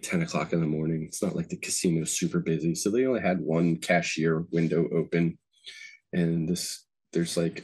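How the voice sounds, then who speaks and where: A man hosting a podcast in casual chat, telling stories with lots of swearing and jumping his voice up to act out other people. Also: husky. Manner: animated storyteller, acts out quotes with sharp pitch jumps, swears freely. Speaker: podcast host.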